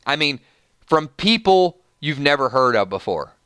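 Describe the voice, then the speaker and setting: A man with a Southern US twang hosts a livestream and rants emphatically at his viewers. His voice is bright and forceful, smooth and crisp. It sounds dry and close. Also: on the high side, very animated, measured pace, no room sound. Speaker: YouTube channel host. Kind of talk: livestream commentary and ranting.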